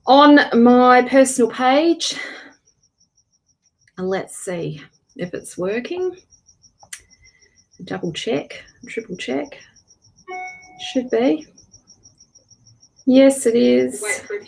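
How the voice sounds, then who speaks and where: A woman's voice: on the high side, creaky. A woman, hosting a tarot livestream and chatting casually as she greets viewers by name, with frequent restarts.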